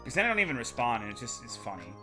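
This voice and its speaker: A man's voice: medium pitch, very animated, rapid-fire, pushed and bright, soft background music. A young adult man streaming live, chatting casually with his chat in a crude, rambling, sarcastic way.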